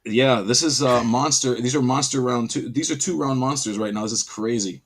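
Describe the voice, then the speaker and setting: A man commentates a card game match as it happens. He is excitable and quick to exclaim, and his voice sits at an ordinary middle pitch. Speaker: tournament caster.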